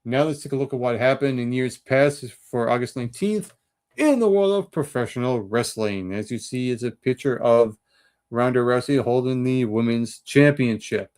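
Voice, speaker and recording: A man hosting his own show, reading through an on-this-day list of past events with quick asides. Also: medium pitch, a little mellow, clear, resonant tone. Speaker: host.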